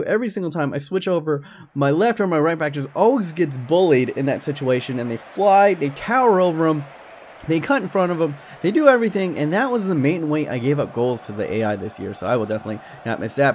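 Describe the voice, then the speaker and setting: A man giving excited, casual commentary over a football video game, often jumping to high yelps. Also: fairly quick, slight background noise. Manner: animated, jumps to high-pitched yelps when excited. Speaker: gaming YouTuber.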